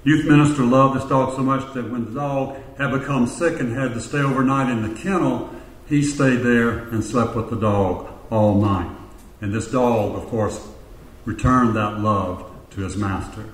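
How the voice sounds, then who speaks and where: Male pastor, storytelling sermon voice, rhetorical repetition, heard from a distance in a roomy church. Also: mid-range voice.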